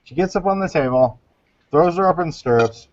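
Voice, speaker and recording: A man's voice: a little high, lively intonation, moderate pace, no room sound. Rambling man telling jokes on a muffled voice chat. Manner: rambling, stumbling joke-teller. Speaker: chat show regular. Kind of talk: casual online group chat.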